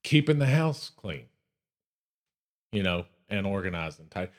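A very deep-voiced man with a Texan accent speaks earnestly and reflectively in a casual faith podcast conversation. His delivery is unhurried and sincere. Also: sing-song. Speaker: podcast co-host.

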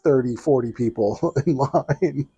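A man co-hosting a podcast in casual chat, relaxed and chiming in with complaints. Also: mid-range voice, breathy edge, no echo, dull audio. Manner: relaxed, backchanneling, quick complaints. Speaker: podcast co-host. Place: hotel balcony outdoors.

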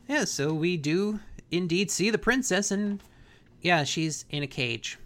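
Laid-back male host retelling a plot, lively in pitch and loose with slang. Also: slow pace. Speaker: podcast host. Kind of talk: casual chat, episode recap.

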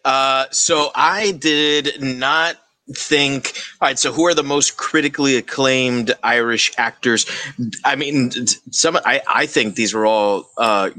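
A man co-hosting a casual podcast, explaining his picks with halting restarts. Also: mid-range voice, sharp tone, dry recording. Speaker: podcast co-host.

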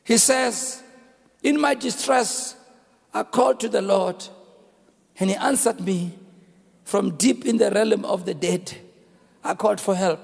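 A man preaching a sermon, shouting and half-singing his lines and calling out to the congregation. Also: high-pitched, measured pace, vocal fry, long pauses. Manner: shouting, sing-song preaching with call and response. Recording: echoey hall with music behind.

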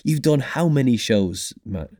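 A man's voice: mid-range voice, lively intonation, unhurried, warm tone, dry recording. A man hosting a podcast, talking in a chatty, rambling, friendly way. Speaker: podcast host. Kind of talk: casual podcast chat.

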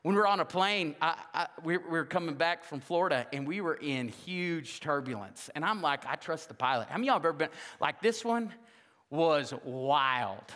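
A man preaches in a high, sharp voice that carries. He is jokey and animated, slipping into the voices of the people in his stories. A long reverb trails each phrase around the sanctuary. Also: moderate pace. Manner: jokey, animated, acts out quoted dialogue. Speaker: pastor. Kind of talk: humorous sermon with storytelling. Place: church sanctuary.

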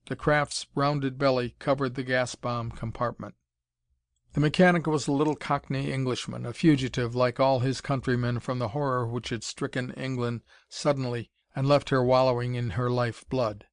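A male narrator reading an adventure story at a steady, even pace. His voice sits in a middle pitch, recorded close and dry. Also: moderate pace, dry recording. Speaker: audiobook narrator. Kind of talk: scripted narration.

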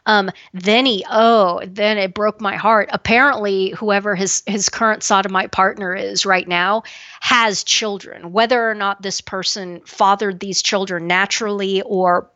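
A woman's voice: medium pitch, a bit bright, dry recording. A woman co-hosting a podcast, giving blunt, emphatic opinions with frequent restarts. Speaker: podcast co-host. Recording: dull, lo-fi dry sound.

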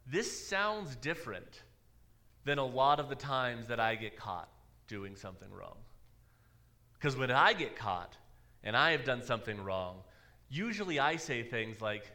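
Bright-voiced man preaching a conversational sermon. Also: mid-range voice, sing-song, unhurried. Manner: conversational preaching with dry asides and laughs. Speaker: pastor.

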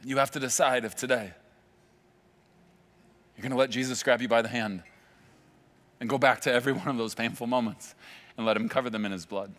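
A male pastor preaching a sermon, telling a vivid story with dramatic pauses. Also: mid-range voice, fairly even intonation, a bit bright. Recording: long hall reverb with faint music. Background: faint music.

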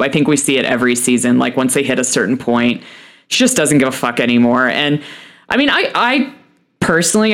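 A man chatting on a casual podcast in an ordinary mid-pitched voice. He talks loosely, leaning on fillers and dropping wry asides. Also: a bit bright. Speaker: podcast co-host. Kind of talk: casual chat.

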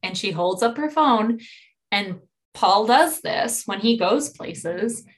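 A young woman chatting casually, telling a story with lively acted-out quotes and sudden jumps up in pitch. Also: takes it slowly. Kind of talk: casual chat.

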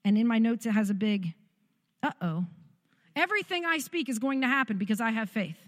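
A woman's voice: on the high side, lively intonation, fast talker, big-room sound. A middle-aged woman giving a personal testimony, telling her story candidly and poking fun at herself. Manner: candid, self-mocking storytelling. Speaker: speaker sharing testimony.

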